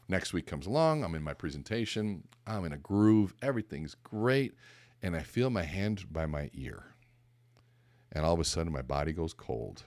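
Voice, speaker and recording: A man hosting a podcast, giving a motivational talk and telling an animated story with acted-out dialogue. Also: sits low, no room sound, studio quality. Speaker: podcast host.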